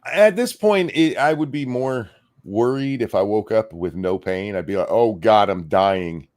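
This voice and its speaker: A man's voice: medium pitch, normal speed. A man hosting a casual morning stream, wry and joking as he shrugs off his aches. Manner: wry, lively, joking about pain. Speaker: podcast host.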